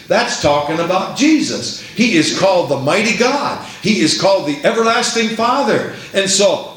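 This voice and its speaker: A man's voice: high voice, lively intonation, moderate pace, few pauses, fairly bright tone, reverberant. A man preaching a sermon, reading scripture aloud and asking rhetorical questions with emphasis.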